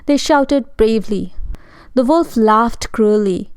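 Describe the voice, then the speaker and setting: A woman narrating a storybook tale in an expressive, dramatic way. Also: medium pitch, unhurried, clean tone, dry recording.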